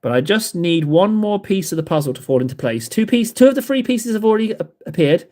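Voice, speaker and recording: His voice is high, sing-song, and mellow, moving at a quick pace. While painting miniatures at an indoor hobby desk on a livestream, the host rambles self-mockingly and is a bit out of breath.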